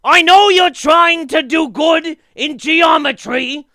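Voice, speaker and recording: A man imitating an abrasive, screechy-voiced comedian shouting a message from heaven. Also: very high-pitched, slow, dry recording, studio quality, pitched above the performer's own voice, full character voice. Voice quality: screechy, grating.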